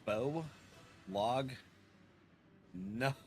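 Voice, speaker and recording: A man streams an online game with game music in the background, chatting casually and rambling while often laughing at himself. His medium-pitched, slightly mellow voice is extremely slow.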